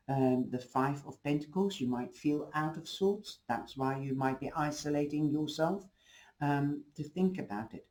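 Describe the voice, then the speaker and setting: A man's voice: mid-range voice, warm tone, low-quality recording. A man giving a casual, rambling tarot reading to camera, losing his voice. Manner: rambling, reassuring, restarts often. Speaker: tarot reader.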